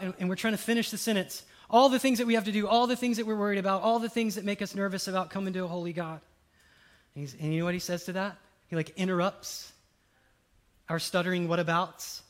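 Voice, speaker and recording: A man preaching a sermon, rising to loud exclamations and dropping to hushed quotes. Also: sits high, steady tone, fairly quick, pauses often.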